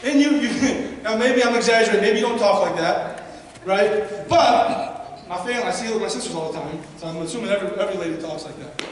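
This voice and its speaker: A man with a very high voice speaks to young ballplayers and their parents, and he keeps pulling the room in with questions. He sounds distant from the mic, and a long, booming echo follows each phrase. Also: fast, few pauses, a little hiss or hum. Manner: energetic, asks the audience questions. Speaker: guest speaker at a youth baseball seminar. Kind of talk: motivational talk to players and parents. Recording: echoey hall, mic far off.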